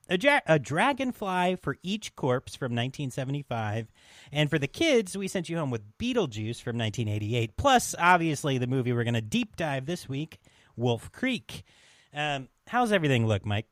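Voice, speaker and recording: Male podcast co-host, mid pitch, animated delivery, casual and profane, dry close mic. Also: dry recording. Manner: loose, laughing, swears freely. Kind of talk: casual chat.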